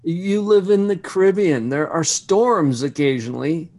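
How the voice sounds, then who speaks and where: Man hosting an interview, a touch higher voiced. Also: lively intonation, unhurried, darkish tone. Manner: affirming, reflective, draws out the guest. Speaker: interview host. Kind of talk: conversational interview.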